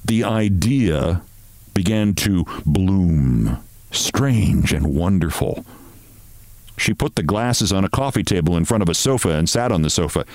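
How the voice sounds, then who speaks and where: A man reads a story aloud with a lowish voice that rises and falls expressively. His delivery is measured and dramatic, recorded close and dry. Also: animated, darkish tone, no room sound. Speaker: host reading a short story.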